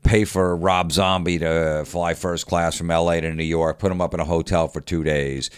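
A man's voice: low voice, normal speed, smooth, no room sound, studio quality. A man from Florida chatting casually as a podcast guest, acting out the voices of people in his stories. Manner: animated storyteller, acts out quoted voices. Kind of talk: casual storytelling chat.

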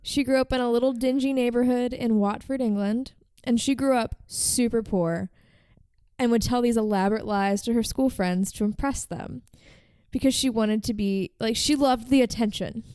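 A woman's voice: a little high, moderate pace, dark tone, clean tone, dry recording. A woman hosting a podcast, telling a story in casual chat with lots of "like" fillers. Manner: chatty, frequent "like" fillers. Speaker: podcast host.

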